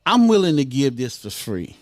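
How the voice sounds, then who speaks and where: A man's voice: medium pitch, sing-song, moderate pace, no echo. An older man, a guest in a casual interview, talking bluntly and swearing often. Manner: blunt, swears a lot, street talk.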